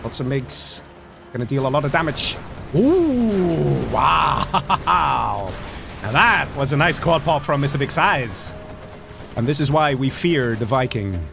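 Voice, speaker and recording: A man casting a live strategy game, excitable and chatty, joking with his chat. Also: on the high side. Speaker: game caster.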